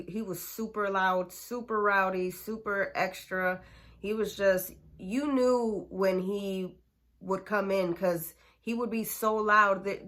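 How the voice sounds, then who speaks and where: A woman's voice: mid-range voice, fairly bright tone. A woman telling a personal story in a casual, chatty way, full of slang and fillers. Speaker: storyteller vlogger.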